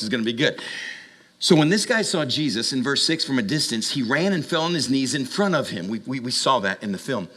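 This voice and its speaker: Animated, storytelling male preacher. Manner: animated storytelling with comic asides; acts out voices with sudden high jumps. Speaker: young adult ministry preacher. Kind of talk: sermon.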